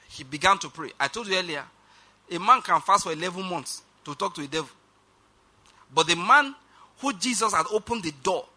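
A man preaching a sermon in a high, sharply bright voice. He slows right down and leans on each word of scripture, then rushes through his asides and calls on the congregation to repeat after him. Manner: emphatic, slows down for quoted scripture.

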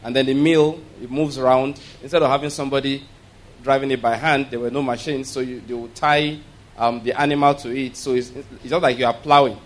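A man's voice: medium pitch, steady tone, a little fast. A man preaching a sermon, explaining scripture and often checking that listeners follow. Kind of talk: sermon teaching.

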